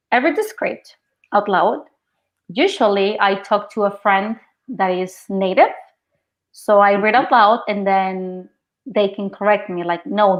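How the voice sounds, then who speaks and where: A woman's voice: mid-range voice, dull audio. A young woman from Mexico with a Mexican Spanish accent, an actress and guest, telling stories in a casual interview chat. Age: young adult. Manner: lively storytelling, quoting others, laughing often.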